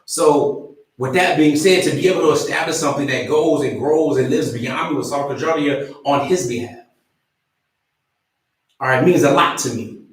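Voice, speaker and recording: A man's voice: fairly high pitch, normal speed. Earnest man talking in a very echoey room. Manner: earnest, personal storytelling. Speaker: relationship coach. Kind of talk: motivational livestream talk. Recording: very echoey room, voice from far off the mic.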